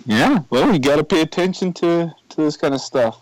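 A man's voice: a little high, animated, moderate pace, no room sound, rough recording. A man in a casual podcast chat who speaks in a blunt, matter-of-fact way and swears.

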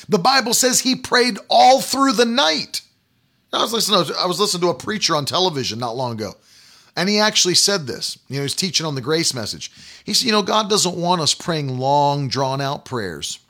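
A man's voice: high voice, pushed and bright. A man preaching a sermon, emphatic and repetitive, driving points home with rhetorical questions. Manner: emphatic, repetitive call-and-response phrasing.

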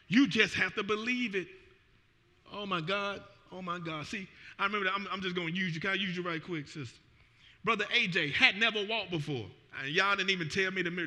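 A pastor preaching a sermon in an animated way, his voice swelling and dropping. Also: sits high. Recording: long reverb of a church hall.

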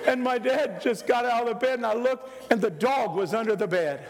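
A man's voice: very high voice, normal speed, gravelly, big-room sound, background noise. An older man, a pastor, telling a folksy story in a sermon and acting out the people in it. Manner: folksy, animated storyteller who acts out voices.

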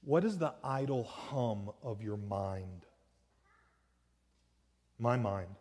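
A male pastor giving a sermon in a casual, conversational way, with lively rises to emphatic high points. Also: takes it slowly, husky. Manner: animated, conversational, with rising emphatic peaks. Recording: long reverb of a large hall.

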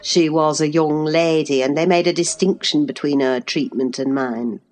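A woman reading a classic novel aloud in a measured, even way. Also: deep voice, faint music behind. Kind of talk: audiobook narration.

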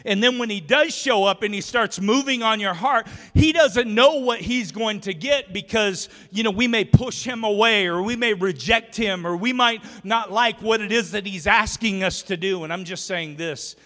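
A man's voice: sits high, moderate pace, hardly any pauses, pushed and bright. A man preaching a sermon in a church, telling folksy stories and joking with the congregation. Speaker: pastor. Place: church sanctuary. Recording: long reverb of a church hall.

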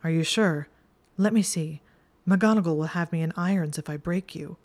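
A woman's voice: lowish voice, moderate pace, darkish tone, natural voice. A woman voicing a snide, proud young male wizard in a fan fiction reading, with a dry drawl. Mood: fussing, worried.

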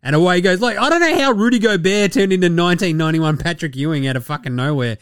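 Excitable Australian man swearing through sports news. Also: sits high, a little fast, dry recording, studio quality. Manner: profane, joking and excitable. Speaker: podcast host. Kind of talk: casual sports commentary.

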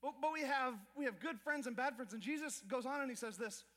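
A man preaching a sermon from the pulpit, his voice sitting unusually high. He tells stories by acting out little scenes and tosses jokes at the congregation. The sound rings with the long reverb of a large church hall. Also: brisk. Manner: animated storytelling with acted asides to the crowd. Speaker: pastor. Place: church auditorium.

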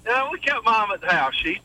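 A man's voice: high-pitched, pushed and bright, low-quality recording. A middle-aged man calling in to a radio show, upbeat and rambling with many fillers. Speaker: caller. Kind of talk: casual call-in chat.

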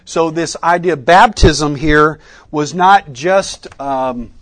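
A man teaching a conference workshop, asking the audience questions and pausing for their answers. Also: fairly high pitch, a bit bright. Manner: interactive, quizzing the audience with questions; Southern "y'all" in speech. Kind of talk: teaching session. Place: conference room with a live audience.

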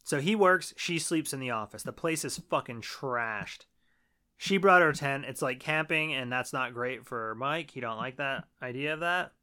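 Bright-voiced, profane man recapping a film. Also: mid-range voice, normal speed, smooth. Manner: profane, animated storytelling. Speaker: podcast co-host. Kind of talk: casual conversation recapping a film.

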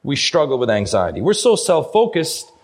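A middle-aged man preaching a sermon as a guest pastor, earnest and urging, slowing down hard on key phrases. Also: medium pitch, huge pitch swings, breathy edge. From Canada.

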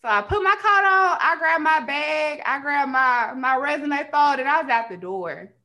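Young woman podcast host, high and bright, animated storytelling rant. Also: moderate pace. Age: young adult. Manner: animated, colloquial, acts out dialogue.

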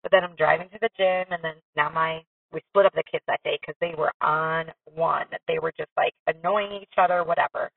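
Gravelly-voiced woman on a tinny line. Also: sits low, fairly even intonation, a little fast, few pauses, dry recording, distant mic. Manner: candid, rambling, self-deprecating. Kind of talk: casual personal storytelling. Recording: dry tinny phone-like sound from off-mic.

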